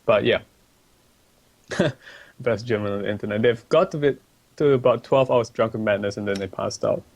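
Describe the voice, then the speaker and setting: A man's voice: fairly low pitch, moderate pace, a little mellow. A man on a livestream casually reading out chat messages and answering them, polite and a bit hesitant, with ums and restarts. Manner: polite and laid-back.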